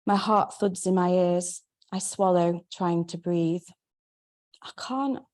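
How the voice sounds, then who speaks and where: A woman, reading her memoir aloud in a wry, measured way. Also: fairly low pitch, level tone, darkish tone. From Manchester, England. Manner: wry, measured first-person narration. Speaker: memoir author.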